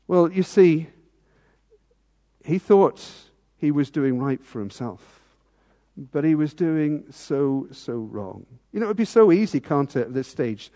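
A man preaching a sermon in a church, earnest, asking rhetorical tag questions and dropping into hushed tones. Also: fairly high pitch, lively intonation, measured pace, big-room sound.

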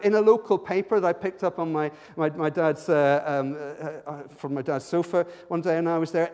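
A man preaching a sermon as pastor, stumbling and repeating words, swinging his pitch and loudness up and down. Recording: long hall reverb.

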